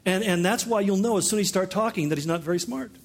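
A pastor preaching a conversational sermon, teaching with joking asides. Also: male voice, high voice, fast.

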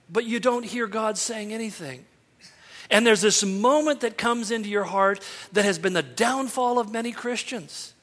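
Male pastor, high voice, earnest sermon delivery with rhetorical questions, long reverb. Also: fairly bright tone. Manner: earnest preaching with quoted lines and rhetorical questions.

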